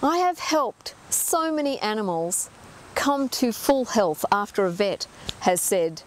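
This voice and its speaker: A woman's voice: mid-range voice, sing-song, slow, slight background noise. A middle-aged woman giving an earnest talk as an animal communicator, emphatic and full of rhetorical questions.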